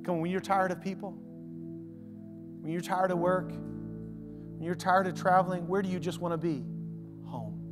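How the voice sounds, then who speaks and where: High-voiced preacher in echoing hall. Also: male voice, level tone, normal speed, pauses often. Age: adult father of a young son. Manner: conversational preaching, swinging from loud to hushed. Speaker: pastor. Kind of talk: sermon. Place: church sanctuary. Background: soft instrumental music.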